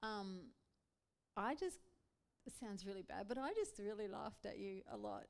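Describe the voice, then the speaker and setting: A woman with an Australian accent, a pastor's wife, chatting casually in a church interview, animated and laughing often. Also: mid-range voice, normal speed, vocal fry.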